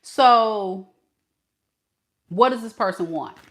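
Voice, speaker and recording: A woman's voice: medium pitch, takes it slowly, a bit bright. A woman giving a casual tarot reading in a sassy, teasing way, often trying not to laugh. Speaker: tarot reader.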